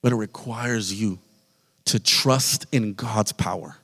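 In a church sanctuary with long, echoing reverb, a man preaches with fervor directly to the congregation. His pitch is fairly low, his delivery slow, and his tone a bit bright.

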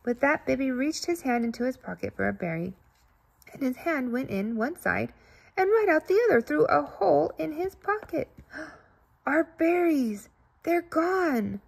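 A woman reading a children's storybook aloud in an expressive, playful way. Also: sits high, moderate pace, gravelly, husky.

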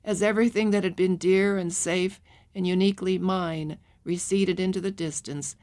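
A woman narrating a memoir audiobook in a measured, calm reading. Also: on the low side.

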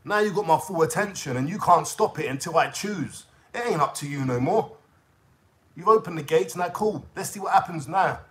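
A man's voice: fairly high pitch, lively intonation, normal speed, fairly bright tone, slight background noise. A young man with a London accent, venting a profane, confrontational call-out rant straight to camera in street slang. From England. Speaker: YouTuber.

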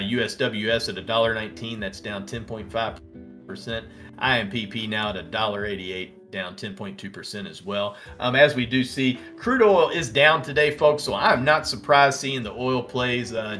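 A man with a Southern American accent hosts a live trading stream, rattling off tickers and percentages between replies to his chat. His voice is bright and forward, and it jumps up with excitement when a stock runs. Faint music plays underneath. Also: medium pitch. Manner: excitable, reads out tickers and prices, answers chat. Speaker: stock trading livestream host. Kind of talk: casual live market commentary.

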